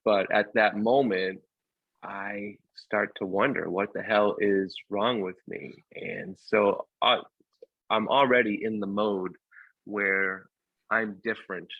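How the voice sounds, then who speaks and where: A man telling a childhood story in a halting way, with many fillers and restarts. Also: lowish voice, steady tone, creaky, breathy edge, no echo, narrow, tinny audio. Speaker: guest storyteller. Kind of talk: personal storytelling.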